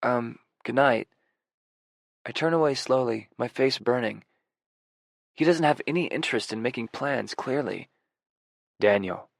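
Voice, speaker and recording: A male audiobook narrator reading a first-person romance in a soft, introspective, self-deprecating way. His voice sits at a middle pitch with a gravelly fry. The recording is close and dry, with no room sound. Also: moderate pace, no echo.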